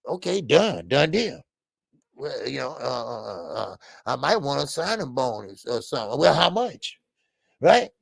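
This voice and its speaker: A man hosting a boxing live stream, talking in an animated, profane way, acting out quotes and greeting people in the chat. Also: a little high, moderate pace, creaky, no echo, studio quality. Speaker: boxing show host.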